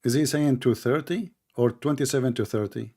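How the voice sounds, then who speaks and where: A man's voice: medium pitch, normal speed, darkish tone, husky. A man whose first language is Arabic, from the Middle East, hosting a live call-in debate in a blunt, mocking way and repeating himself often. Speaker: debate show host.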